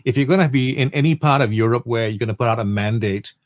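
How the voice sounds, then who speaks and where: Dude cracking dry jokes on a podcast, mid voice, dead dry sound. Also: male voice, mid-range voice, quick pace, no echo. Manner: dry humor, repeats words at starts. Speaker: podcast co-host. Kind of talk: casual chat.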